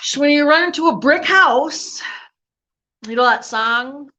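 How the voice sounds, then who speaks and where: A woman's voice: mid-range voice, unhurried. A middle-aged woman hosting a casual vlog chat, talking loosely and colloquially, ranting and laughing. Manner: loud, laughing, Southern-style colloquial rant. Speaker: vlog host. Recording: dull lo-fi home recording.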